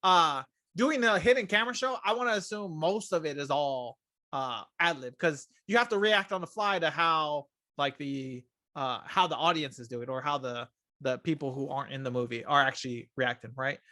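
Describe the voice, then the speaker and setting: A man co-hosting a casual movie review chat, animated and acting out quotes in raised voices. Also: a little high, moderate pace, dry recording, studio quality. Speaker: podcast co-host.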